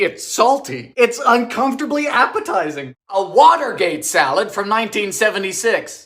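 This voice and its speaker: A man's voice: high voice, sharp tone. A man narrating his own cooking videos as comedic voice-over, full of wry, sarcastic quips.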